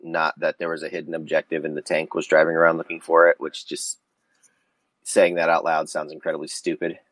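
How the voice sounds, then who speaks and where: A man's voice: a bass voice, monotone, a little fast, fairly bright tone, no echo, poor audio. A man hosting a casual podcast chat while he has a cold. He reads out rules questions and answers with dry, sarcastic humor. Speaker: podcast host.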